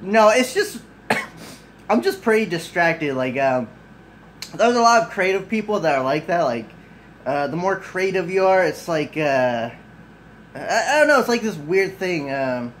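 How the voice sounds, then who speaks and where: A man with a notably high voice talks rambling and unpolished into a camera mic off to the side in his room at home. He swears casually, drifts off on tangents and pads his speech with "like" and "you know". A faint background hum sits under his voice. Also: very animated, a little slow, a bit bright, poor audio. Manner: rambling, loose and profane, full of "like" and "you know"; self-mocking and easily sidetracked. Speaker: vlogger. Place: at home at his desk, just woken up.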